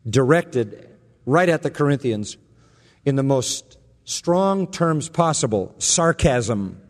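A man's voice: medium pitch, long reverb tail. A man preaching an expository sermon, emphatic and sarcastic, building in intensity as he drives his points home. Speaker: pastor.

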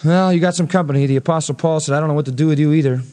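A man's voice: a little high, rapid-fire, mellow, in a large hall. A male pastor preaching an expository sermon, earnest and rising to emphatic peaks when quoting scripture.

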